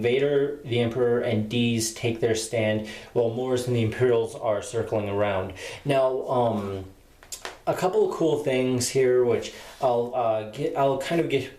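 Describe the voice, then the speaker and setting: A man's voice: mid-range voice, a little mellow. A man giving a casual spoken book review, retelling the plot in a rambling way with many fillers. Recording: roomy echo.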